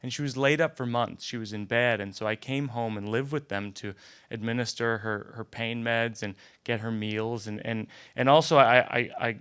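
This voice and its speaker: A young man tells a comic personal story with a smooth, clear voice at a medium pitch. He speaks conversationally and wryly, often stumbling into repeated words before finishing a thought. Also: steady tone, normal speed, fairly bright tone. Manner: conversational, self-deprecating, frequent stammered restarts. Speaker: comedian.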